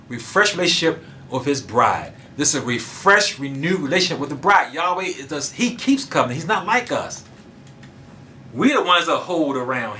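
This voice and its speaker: A man's voice: medium pitch, sharp tone, a little hiss or hum. A man preaching a sermon, fervent and emphatic, talking casually and addressing his listeners directly. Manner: casual colloquial speech, addresses audience directly.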